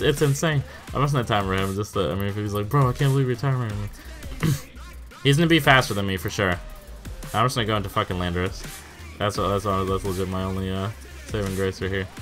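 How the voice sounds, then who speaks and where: A young gaming YouTuber with a fairly low, slightly bright voice gives casual live commentary while playing an online game. He swears often, stammers in bursts, and exclaims in disbelief.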